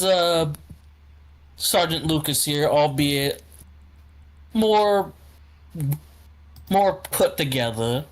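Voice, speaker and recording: Slow, halting tabletop game player. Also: mid-range voice, rough recording. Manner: halting, searching for words.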